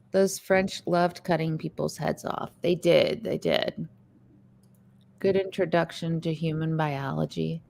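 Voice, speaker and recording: A woman co-hosting a casual livestream chat, talking in an animated way, reading viewer comments aloud and saying "like" often. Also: on the low side, creaky, a little hiss or hum. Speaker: livestream co-host.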